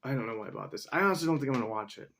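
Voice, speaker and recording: Rambling man with a lively pitch. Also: racing. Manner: rambling, reading definitions aloud, swearing. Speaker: vlogger. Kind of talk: casual solo vlog.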